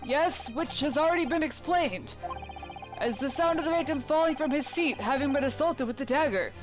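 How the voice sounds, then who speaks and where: A woman voicing a stern, fussy old male judge in a video game, measured and formal. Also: high-pitched, close to an everyday voice. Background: game music.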